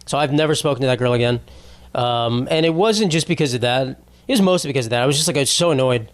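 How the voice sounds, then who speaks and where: A young man riffs alone on his podcast, annoyed and rambling, tripping over his own restarts and dropping curses. His voice sits at an ordinary middle pitch. The sound is close and dry, with no room echo. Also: animated, quick pace. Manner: rambling, exasperated, swears a lot, many restarts. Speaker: podcast host. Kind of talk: unscripted comedic solo podcast rant.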